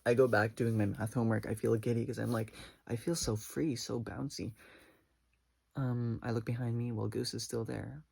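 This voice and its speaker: A man's voice: medium pitch, little pitch movement, moderate pace, vocal fry, darkish tone, breathy edge. A man telling a personal story as a casual vlog storytime, rambling with lots of "like" and retelling it dramatically. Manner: rambling, many "like" fillers. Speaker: vlogger.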